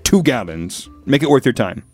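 A man co-hosting a podcast, trading crude jokes, laughing often and slipping into loud shouted voices. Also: mid-range voice, sing-song, moderate pace, faint music behind. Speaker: podcast co-host. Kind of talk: crude comedic banter.

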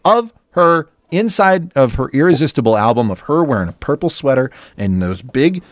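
A man's voice: moderate pace, dry recording, clean studio sound. A man co-hosting a podcast, talking in crude casual banter, rambling with restarts. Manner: rambling, restarts, lively pitch swings. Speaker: podcast co-host.

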